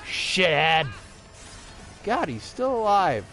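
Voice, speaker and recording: A man's voice: a little high, very animated, measured pace, faint music behind. A man giving crude, profane let's-play commentary, ranting at the game and sometimes going mock-dramatic and sing-song. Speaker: gameplay commentator.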